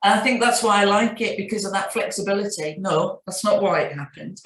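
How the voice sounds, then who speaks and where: With many restarts, a middle-aged Northern English chief executive tells reflective stories as a guest in a business interview. Her voice is medium in pitch and a little fast, captured in a reverberant space on a rough recording.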